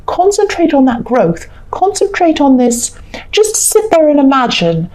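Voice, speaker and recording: A woman's voice: high-pitched, big pitch swings, measured pace, darkish tone. A woman giving a casual tarot reading, soothing and repetitive, reassuring the listener again and again. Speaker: tarot reader.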